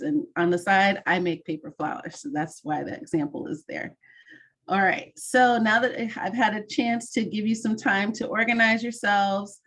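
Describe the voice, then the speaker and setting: A woman hosting an online mentoring session over a video call, giving clear, encouraging instructions. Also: lowish voice.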